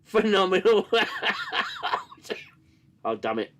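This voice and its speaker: A man's mid-range, somewhat bright voice carries this casual live-stream review of a TV show. Sarcastic and cursing, he reads chat aloud and makes fun of scenes, though coughing fits keep cutting in.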